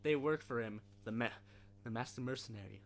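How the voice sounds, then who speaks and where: A man voicing a pushy male CIA agent with a deliberately annoying, exaggerated voice in a comic film-scene recitation. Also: mid-range voice, pitched below the performer's own voice, close to an everyday voice. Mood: bossy.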